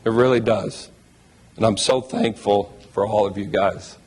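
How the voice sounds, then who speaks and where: A man with a fairly low voice speaks at a press conference as a newly hired head coach. He sounds heartfelt and emotional and keeps thanking people. Faint background noise sits under the recording. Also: steady tone, a little slow, a little mellow.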